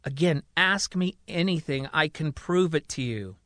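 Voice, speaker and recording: A man's voice: fairly high pitch, animated, measured pace, fairly bright tone, dry recording. A man doing an earnest, pleading patient. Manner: pleading, insistent. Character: man believing he is the president, earnest.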